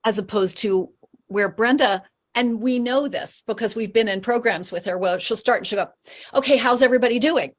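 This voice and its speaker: A woman on a video call from home, chatting casually and telling lively stories about a group program, acting out what people say. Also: medium pitch, moderate pace. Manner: animated storyteller acting out quotes. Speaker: program member.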